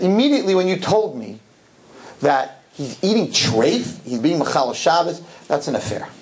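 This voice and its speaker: A man's voice: medium pitch, darkish tone, a little hiss or hum, rough recording. A man speaking as a rabbi, telling a story to a live audience and acting out both sides of the conversation in shifting voices.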